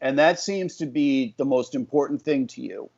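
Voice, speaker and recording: A man hosting a radio interview, effusive and halting, with many fillers. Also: medium pitch, gravelly, darkish tone, lo-fi sound. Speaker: radio show host. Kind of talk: interview conversation.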